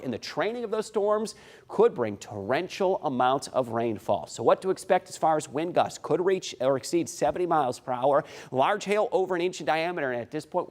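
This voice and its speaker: A man delivering a TV weather forecast as a meteorologist, with an urgent, emphatic broadcast delivery. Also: a little high.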